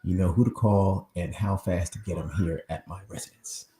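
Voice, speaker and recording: A man's voice: sits low, fairly even intonation, normal speed, dark tone, reverberant. A man hosting a live online show from his home on a new microphone, talking casually and rambling straight to his viewers. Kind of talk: casual live-stream chat.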